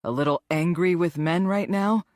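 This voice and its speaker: A woman's voice: fairly low pitch, normal speed, darkish tone, no echo, natural voice. A woman voicing a blunt, teasing male kickboxing coach in a thriller audiobook, with a dry close sound.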